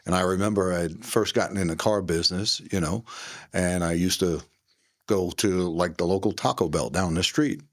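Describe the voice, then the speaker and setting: A man with a Brooklyn accent hosts a relaxed interview in a very deep voice. His tone is husky. He speaks in a laid-back way and keeps affirming his guest. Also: normal speed. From Brooklyn, New York. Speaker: host. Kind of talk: casual interview chat.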